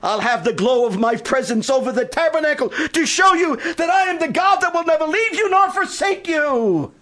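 A man preaching a sermon who swells into shouted, drawn-out proclamations and then sinks to a hushed appeal. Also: very high-pitched, expressive.

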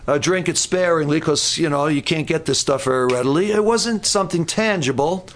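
High-voiced man preaching a sermon. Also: a little fast. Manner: storytelling preaching, repeats words, drops low for sung quotes.

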